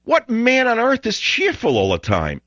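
A man's voice: very high-pitched, wildly swooping pitch, moderate pace, a bit bright, no room sound, lo-fi sound. Ranting, sarcastic male radio host. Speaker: radio talk show host. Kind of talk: talk radio monologue.

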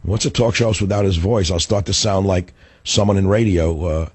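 Hoarse, fiery man hosting talk radio. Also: deep voice, brisk, a little mellow, no echo. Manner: fiery, combative ranting. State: hoarse, voice going. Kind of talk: radio talk show monologue.

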